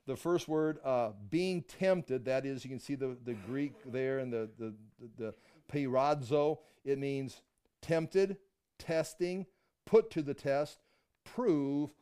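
An older man teaching a Bible study in a loose, rambling, conversational way, acting out the biblical voices with sudden jumps in pitch. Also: darkish tone.

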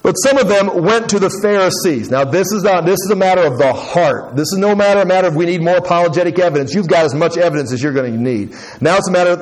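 A man with a voice pitched a little above the usual male range, leading an expository Bible teaching. He retells the story with animated storytelling and acts out the speakers' lines. He often stops and restarts his sentences as he goes. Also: low-quality recording. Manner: animated storytelling, acting out quoted speech; frequent self-corrections and restarts.

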